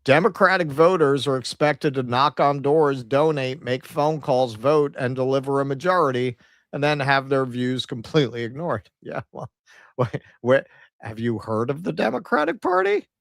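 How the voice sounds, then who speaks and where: A man's voice: mid-range voice, expressive, normal speed, gravelly, fairly bright tone, no echo, clean studio sound. A man co-hosting a casual political commentary stream, reading out figures and quotes with sarcastic asides. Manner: sarcastic, reads out poll numbers and quotes, mocking asides.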